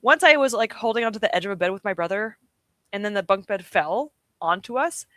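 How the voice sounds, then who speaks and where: A woman's voice: mid-range voice, animated, a little fast, bright, forceful tone, no echo. A young woman streamer chatting casually and giggling often, poking fun at herself. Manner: chatty, giggly, self-deprecating. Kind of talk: casual livestream chat.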